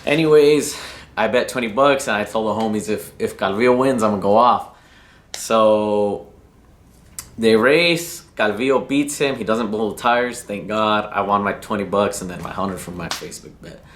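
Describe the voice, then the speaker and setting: A man's voice: on the low side, normal speed. A man from New Mexico casually telling a story about drag racing, slangy and rambling and cursing freely. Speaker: racing vlogger.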